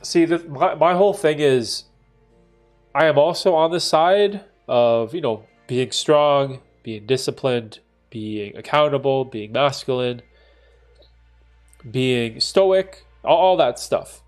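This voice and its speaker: A man streaming live reads his viewers' messages aloud and reacts in a chatty, filler-heavy way, his voice stuffy and congested. He talks slowly in a mid-range voice, with faint music playing behind.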